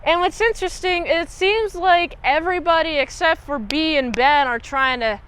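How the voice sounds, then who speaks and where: A woman recapping a movie in a casual chat, animated and playfully mocking, bursting into squealing impressions. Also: high voice, moderate pace, slight background noise. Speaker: movie reviewer.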